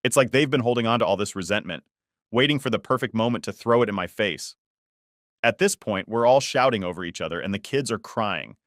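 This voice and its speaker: A man narrating a first-person family story in a steady, conversational way. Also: lowish voice, a little fast, dry recording, studio quality.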